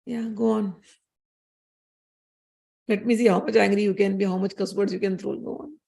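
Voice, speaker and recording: A woman's voice: mid-range voice, steady tone, moderate pace, creaky, warm tone, lightly acted. A woman voicing a carefree male sage who seems like a madman, teasing and unbothered. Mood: taunting.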